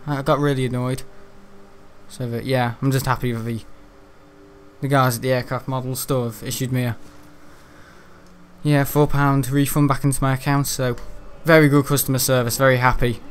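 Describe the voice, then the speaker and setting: A man's voice: medium pitch, flat delivery, normal speed, pauses often, a little hiss or hum. A man chatting casually on a gaming livestream, rambling and grumbling between frequent laughs. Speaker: gaming live streamer. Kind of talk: casual livestream chat while playing.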